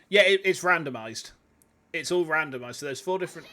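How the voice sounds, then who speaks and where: A man's voice: on the high side, animated, normal speed, pauses often, noisy background. A man streaming a game, chatty and rambling, with a sore throat. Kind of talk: game livestream chat. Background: background music.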